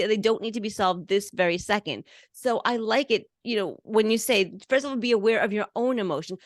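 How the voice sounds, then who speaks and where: A woman host in a quick, affirming interview style who sums up her guest's points. She talks fast in a fairly high voice, and the recording is dry and close. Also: dry recording. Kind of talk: conversational interview.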